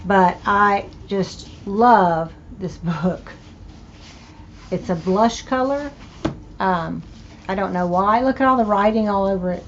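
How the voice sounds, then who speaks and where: An older woman with a Southern US accent chats slowly through her thrift purchases, breaking into delighted exclamations. Her voice sits mid-range for a woman. The recording is slightly dull, with faint background noise. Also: mid-range voice. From American South. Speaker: thrift haul host. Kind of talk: casual show-and-tell.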